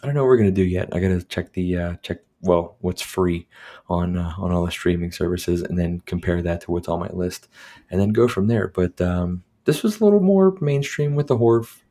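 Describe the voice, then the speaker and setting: A man hosting a relaxed solo podcast at home, his dog nearby, speaks a little fast in a low, mellow voice. He reviews a movie in a rambling, foul-mouthed way, with many fillers and restarts.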